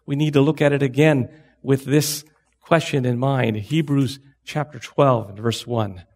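A man's voice: mid-range voice, a little slow, a little mellow. A man preaching a sermon to his congregation, earnest, repeating phrases and asking rhetorical questions. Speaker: pastor.

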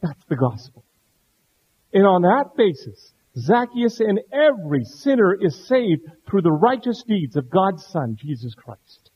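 A middle-aged man preaching a sermon, earnest, dropping to a hush and then rising to stress a point. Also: sits high, sing-song, unhurried, breathy edge. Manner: earnest, swings between hushed and emphatic. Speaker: pastor. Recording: dull lo-fi sound.

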